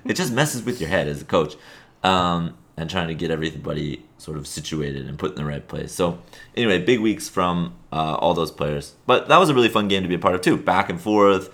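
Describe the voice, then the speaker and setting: A man with a very low voice co-hosts a casual sports podcast. He rambles through game notes with lots of fillers and little chuckles. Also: expressive, fairly quick, fairly bright tone. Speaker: podcast co-host.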